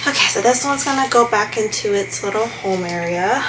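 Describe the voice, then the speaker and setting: A woman's voice: mid-range voice, moderate pace, recorded from a distance. A woman chatting casually while tending her houseplants, exclaiming and teasing herself as she works. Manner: chatty, self-deprecating, exclaims often. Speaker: plant vlogger. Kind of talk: casual chat while doing chores. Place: indoor room with plants. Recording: echoey room with clear noise.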